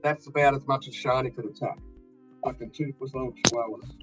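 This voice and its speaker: A man's voice: medium pitch, fairly even intonation, fairly quick, music in the background, rough recording. An Australian man in blunt, profane casual chat, ranting with fired-up energy.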